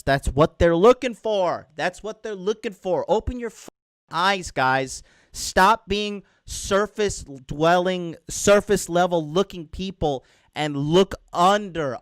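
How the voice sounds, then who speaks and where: A man's voice: high-pitched, a bit bright, dry recording, studio quality. A man coaching male viewers on dating in a blunt, profane rant, clipping off his own swear words and hammering each point with "all right?". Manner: hammers points with repeated tag questions. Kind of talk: ranting monologue to male viewers.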